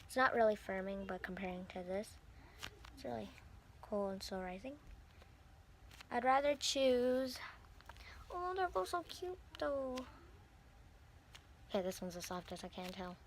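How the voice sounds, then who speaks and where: A young woman chatting casually as she unboxes squishy toys, gushing and breathy as she talks. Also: mid-range voice, moderate pace, long pauses, slight background noise. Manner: gushing, breathy squeals over cute toys. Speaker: vlogger.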